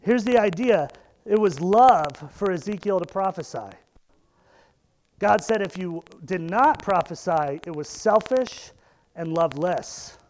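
Thirtysomething guy preaching a sermon, really high voice, punchy and repetitive, bit of hiss. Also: poor audio. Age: 30s. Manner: emphatic preaching, repeating phrases for stress. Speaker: pastor.

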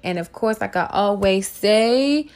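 Brash woman podcast host, gravelly voice with some fry, profane, mocking gossip riffs. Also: medium pitch, animated, a little slow, darkish tone. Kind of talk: casual gossip commentary.

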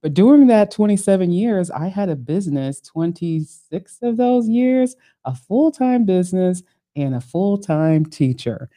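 A woman in her later years hosting her own podcast, telling her life story in an animated way with frequent laughter. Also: fairly low pitch, measured pace. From Ohio, United States. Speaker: podcast host. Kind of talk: solo podcast monologue.

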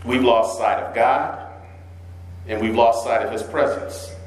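A male pastor preaching a sermon, swinging between slow low scripture readings and raised, urgent questions. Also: fairly even intonation, roomy sound, rough recording. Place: church.

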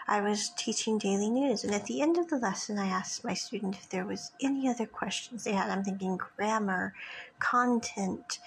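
Woman podcaster ranting about a weird student question, highish voice, acts out both sides. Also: slight background noise, poor audio. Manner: animated storytelling, acting out both sides of conversations. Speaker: podcast host and ESL teacher. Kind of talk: casual monologue podcast.

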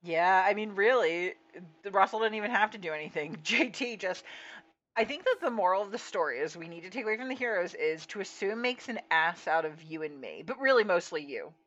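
A woman's voice: medium pitch, lively intonation, a little fast, a bit bright. A woman co-hosting a podcast in casual chat, easygoing with wry, sarcastic asides. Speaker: podcast co-host. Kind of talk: casual chat recapping a reality show. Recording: slightly dull lo-fi audio.

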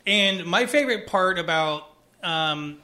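A man co-hosting a casual chat, excitable and swearing freely as he riffs. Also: high voice, measured pace. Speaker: podcast co-host.

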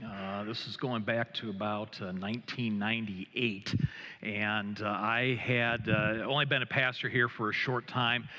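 A middle-aged man preaching a sermon as a pastor, telling a gently humorous story with many hesitations and restarts. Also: on the low side, steady tone, measured pace, big-room sound, muffled recording. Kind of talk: sermon with personal anecdote. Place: church sanctuary.

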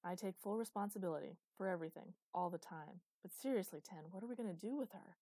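A woman's voice: lowish voice, fast talker, dark tone, no echo. A woman voicing a playful, mock-dramatic man who teases his family aboard a small ship, in a storybook reading. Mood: teasing. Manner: playful, mock-theatrical teasing. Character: teasing, dramatic adult male spaceship partner.

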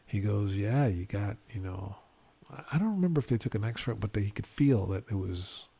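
Gravelly dad telling a story. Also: male voice, normal speed. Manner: animated retelling, acts out quotes with sudden rises in pitch. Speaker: podcast co-host. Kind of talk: casual storytelling chat.

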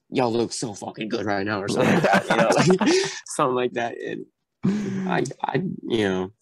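A young adult man as a podcast guest, telling animated stories full of fillers and acting out quoted voices with sudden high jumps. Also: vocal fry, a little hiss or hum, rough recording. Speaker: podcast guest, Marine recounting boot camp. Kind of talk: casual storytelling chat.

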